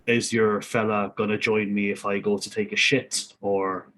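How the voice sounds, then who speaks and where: A man's voice: lowish voice, level tone, moderate pace, a bit bright. A man playing a tabletop game, wry and teasing. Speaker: player. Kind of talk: casual tabletop play.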